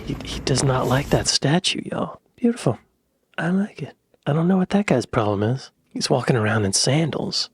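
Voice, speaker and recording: A man hosting a reaction video. He talks in a playful, joking way and often drops into soft whispered asides. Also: medium pitch, lively intonation, moderate pace, breathy edge. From United States. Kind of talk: casual reaction commentary.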